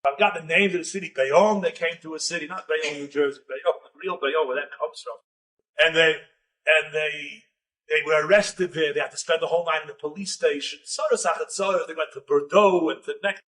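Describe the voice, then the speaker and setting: A man, a rabbi, telling a story in a lecture with animated, building drama. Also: on the high side, fairly quick, distant mic.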